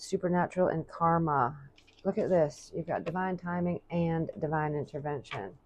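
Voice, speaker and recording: A woman giving a casual tarot reading, chatty and thinking aloud as she reads out card messages slowly. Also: sits low, dark tone. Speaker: tarot reader.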